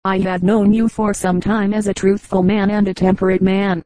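A woman's voice: mid-range voice, little pitch movement, moderate pace, mellow, dry recording, natural voice, low-quality recording. Woman reading exasperated male salesman. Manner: impatient, interrupting. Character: exasperated older male commercial traveler.

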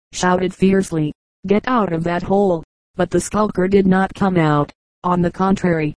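Casting: measured woman audiobook reader, warm dark tone, dry close mic. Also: on the low side, no echo, rough recording. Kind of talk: scripted narration of anecdotes.

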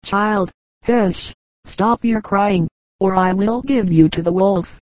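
A woman reading the part of a mother soothing and hushing her crying child, in a storybook fable. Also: mid-range voice, slow pace, dry recording, close to an everyday voice, rough recording.

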